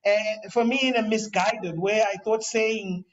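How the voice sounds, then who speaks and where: A male professor gives a relaxed, unhurried lecture on writing, his high voice often repeating itself and restarting phrases. He sits back from the mic in a dull, distant lo-fi recording with slight background noise.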